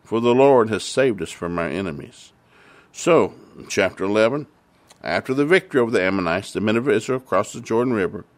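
A man's voice: on the low side, animated, fairly quick. A man preaching and retelling Bible stories for families, emphatic and repeating phrases for stress.

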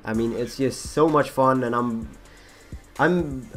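Young male gaming host, husky and rambling, self-mocking, with faint background music. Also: medium pitch, slow pace. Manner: rambling, self-mocking, many fillers and restarts. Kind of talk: rambling gameplay commentary.

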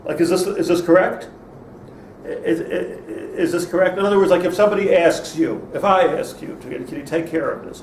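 A man's voice: high-pitched, normal speed, a little mellow. A man, a rabbi, teaching an informal Torah class in a conversational way, with many restarts and Hebrew terms. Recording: echoey room, speaker far from mic, faint noise.

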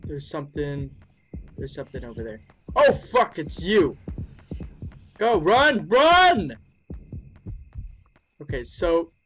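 A person giving let's-play commentary on a horror game. They swear often and mutter their thoughts aloud, then break into high shrieks when startled. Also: sing-song, moderate pace, a little hiss or hum. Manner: muttering and thinking aloud between scares. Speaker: gaming video creator.

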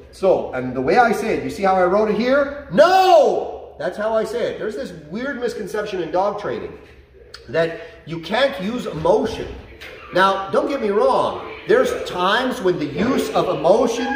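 A man working as a dog trainer explains things to a class in an animated way. He often checks in with "okay?" and "right?". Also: high-pitched, recorded from a distance. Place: dog training facility, indoors. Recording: roomy echo, set back from the mic.

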